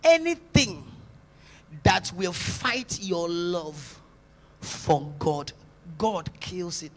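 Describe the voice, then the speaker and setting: High gravelly Nigerian pastor preaching. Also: male voice, extremely slow. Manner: preaching with sudden loud exhortations and soft urgent passages. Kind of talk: sermon. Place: church service.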